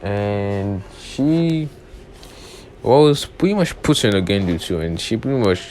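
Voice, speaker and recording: This young man's fairly low, darkish voice swings widely in pitch while keeping a measured pace. He retells a fan story casually and off the cuff, rambling through many restarts and repeating "pretty much" and "and stuff." Faint noise hums in the background.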